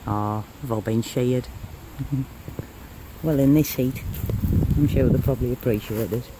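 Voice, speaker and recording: Casual male vlogger mutters slow commentary while searching the river bank, camera mic, clear outdoor noise behind. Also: medium pitch, warm tone, rough recording. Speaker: mudlarker. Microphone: handheld camera mic.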